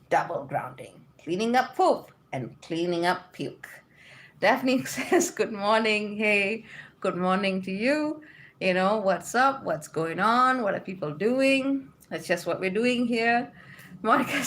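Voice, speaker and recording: A woman's voice: medium pitch, fairly bright tone. A woman hosting a casual livestream from home, reading viewer comments aloud and chatting back with frequent laughs.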